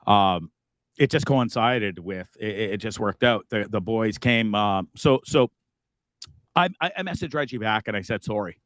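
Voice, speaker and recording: A man's voice: fairly low pitch, expressive, moderate pace, fairly bright tone, no echo. A man from Canada hosting a live stream, rambling and remorseful, swearing freely and stammering through restarts. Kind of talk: casual live-stream monologue. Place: inside a bus.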